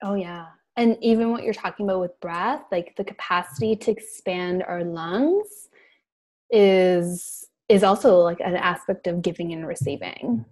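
A woman talking on a podcast in a reflective, soft-spoken way, with many fillers. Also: on the low side, unhurried. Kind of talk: casual chat.

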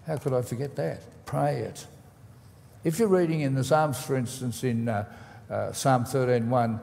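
Male pastor, gravelly voice, measured teaching sermon, church hall reverb. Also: medium pitch, a little mellow. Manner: measured, teaching tone with deliberate emphasis.

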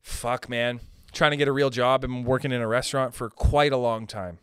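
A young man from Canada doing a rambling, profane stand-up monologue, pushing his pitch up and down for emphasis. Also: brisk, fairly bright tone, clear, resonant tone, no echo, clean studio sound. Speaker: stand-up comedian.

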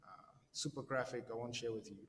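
A man's voice: mid-range voice, a little fast, a bit bright, long reverb tail. A man giving a casual, conversational sermon, slangy and full of "right?" tags and repeated words. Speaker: preacher.

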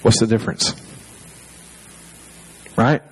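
A man's voice: slow pace, a little hiss or hum, rough recording. A male pastor preaching a sermon through personal stories, conversational and self-deprecating, with fillers and restarts.

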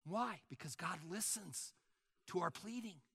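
Older guy preaching, high lively voice, bright and gravelly, dry sound. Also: unhurried, dry recording. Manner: animated preaching, acts out mock prayers. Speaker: pastor. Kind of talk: sermon.

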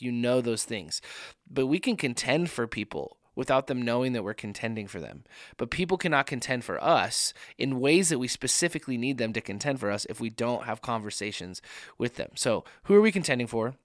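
A man gives an earnest sermon for a young adult podcast, driving points home with repeated rhetorical questions. His voice sits at an ordinary middle pitch. The recording is dry and close, with no room echo. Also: a bit bright. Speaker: young adult ministry speaker.

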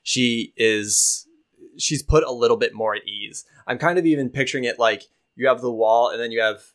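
A man's voice: medium pitch, moderate pace, a bit bright. Easygoing man narrating as game master. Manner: casual, hesitant, many fillers.

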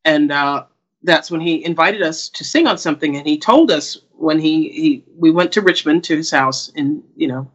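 A man who is a singer, recounting a story in a relaxed, meandering way during casual chat. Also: on the high side, moderate pace, highs cut off.

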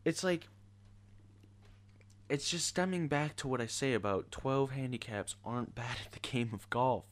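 A man's voice: medium pitch, normal speed. A teenage boy ranting casually in an exasperated, sarcastic way. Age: teens. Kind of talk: casual rant to camera.

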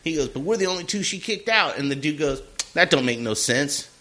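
A man's voice: fairly high pitch, fairly quick. A man hosting a casual podcast, telling a story with lots of swearing, laughing and acted-out voices of the people in it. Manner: animated storyteller, acts out quoted people, swears freely, laughs often. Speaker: podcast host.

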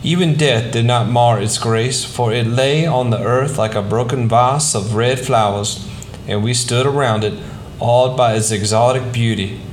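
Man reading a story softly. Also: medium pitch, measured pace, slight background noise. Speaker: narrator. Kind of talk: reading a short story aloud.

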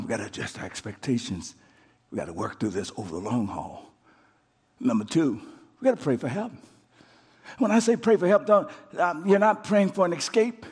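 A male pastor with a high voice preaches from the pulpit, climbing to shouts and then dropping to a hush. His words ring out with a long echo in a large hall. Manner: preaching with rising shouts and quiet drops, repeats words. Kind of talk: sermon. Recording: live sermon with long hall reverb.

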